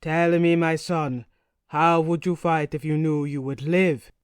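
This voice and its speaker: A woman's voice: deep voice, fairly even intonation, a little slow, smooth, no room sound, clean studio sound. Woman doing a growling Swedish-accented Viking. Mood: chanting. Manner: growling, loud. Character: brawny young male Viking oarsman.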